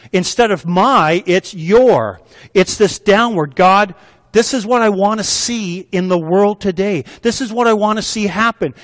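High-voiced man preaching in a reverberant hall. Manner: call-and-response preaching, asks the congregation to repeat words. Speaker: pastor. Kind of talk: sermon.

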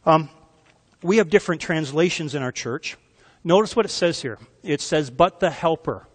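A man's voice: on the high side, animated, normal speed, long reverb tail. A male pastor preaching a sermon, emphatic and asking the congregation questions as he goes.

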